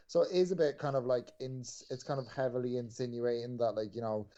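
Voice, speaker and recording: A man co-hosting a podcast in casual chat, jokey and animated. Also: mid-range voice, brisk, few pauses, highs cut off. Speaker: podcast co-host.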